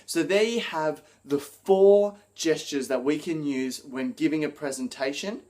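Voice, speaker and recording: A man coaching public speaking straight to camera, energetic, acting out gestures as he explains them. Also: on the high side, measured pace. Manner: energetic, demonstrates gestures while talking. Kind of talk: direct-to-camera teaching video.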